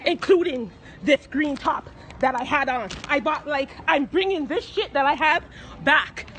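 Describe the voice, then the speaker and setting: Woman, very high voice, indignant, tearful, loud and swearing, phone mic in a store. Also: measured pace, background noise. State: tearful, near crying. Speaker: shopper confronting store staff. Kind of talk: self-filmed confrontation. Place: inside a clothing store. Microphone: phone camera held by speaker.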